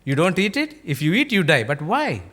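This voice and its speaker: A man's voice: high-pitched, very animated, normal speed, a bit bright. A male pastor with an Indian English accent preaching a sermon, telling stories and acting out their dialogue, often asking the congregation rhetorical questions. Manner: storytelling, acting out dialogue in varied voices.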